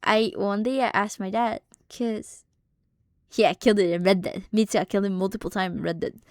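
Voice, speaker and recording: A woman's voice: mid-range voice, brisk, dry recording, studio quality. Young woman streamer telling stories. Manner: swears a lot, animated retelling with laughs. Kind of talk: casual storytelling on a live stream.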